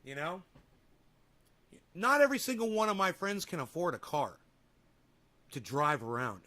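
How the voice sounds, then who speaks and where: A man's voice: a little high, big pitch swings, normal speed, sharp tone. A man hosting a livestream, reading chat comments and answering them in a profane, combative, rambling way. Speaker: livestream host.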